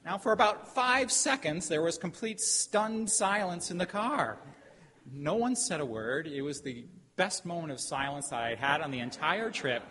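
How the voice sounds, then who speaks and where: A middle-aged man preaching a sermon as a pastor, telling a story with emphatic pauses. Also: on the high side, expressive, bright, forceful tone. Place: church sanctuary. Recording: hall reverb, faint background noise.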